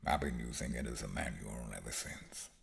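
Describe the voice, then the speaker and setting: A man impersonating a grand, solemn older narrator, speaking slowly and gravely about mundane things. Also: a bass voice, pitched below the performer's own voice.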